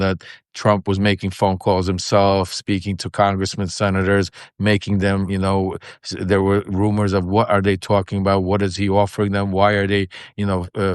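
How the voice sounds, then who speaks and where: A man guest in a political discussion, speaking haltingly and hedging as he builds his point. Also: low-pitched, smooth, no echo, studio quality. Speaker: podcast guest.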